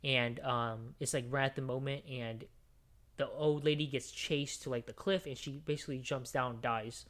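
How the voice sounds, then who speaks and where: Male podcast co-host, animated plot recapper, heavy swearing and fillers, mid-range voice. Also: mid-range voice, normal speed. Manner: excitable, profane storyteller with many fillers; jumps between hushed recap and loud outbursts. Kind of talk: casual chat, retelling a movie plot.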